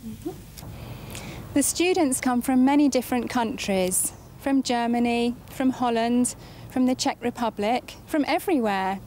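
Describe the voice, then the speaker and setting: A middle-aged woman leads a class, her voice set fairly high. She speaks clearly and slows down to model phrases. A faint hum of the classroom sits behind her. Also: a little mellow. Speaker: English teacher. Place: adult education classroom.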